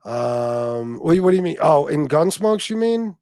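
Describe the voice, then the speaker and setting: A man's voice: fairly high pitch, big pitch swings, unhurried, mellow, no echo, clean studio sound. A man hosting a livestream, chatting casually and rambling, swearing often and laughing as he reads comments from his viewers. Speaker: livestream host.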